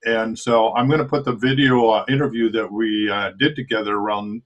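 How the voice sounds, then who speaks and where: A man hosting an interview, starting haltingly and correcting himself before talking fluently. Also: on the low side, level tone, lo-fi sound. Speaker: host. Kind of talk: interview talk.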